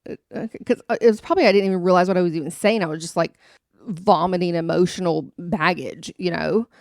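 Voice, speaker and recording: A woman's voice: lowish voice, quick pace, no room sound, clean studio sound. A woman in her thirties hosting a podcast, telling a personal story in an earnest, confiding way. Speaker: podcast host.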